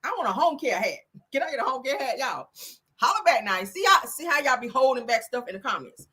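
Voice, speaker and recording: A woman's voice: sits high, sing-song, brisk, bright, forceful tone, breathy edge. A woman hosting a casual celebrity gossip livestream, sassy and profane, laughing often and talking straight to her viewers.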